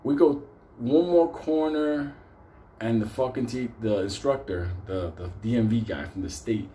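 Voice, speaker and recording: A man's voice: medium pitch, a little slow, warm tone, a little hiss or hum. A man telling a comic story casually, profane and laughing as he rambles.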